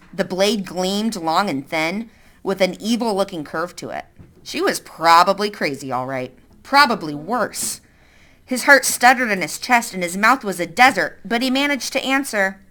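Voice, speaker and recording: A woman reading a children's novel aloud in an expressive way, now and then correcting herself. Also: mid-range voice, normal speed. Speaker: reader.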